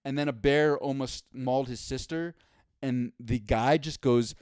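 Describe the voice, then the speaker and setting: A man co-hosting a comedy podcast, telling a profane, animated story with frequent self-corrections. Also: medium pitch, measured pace, smooth, dry recording, studio quality. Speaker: podcast co-host.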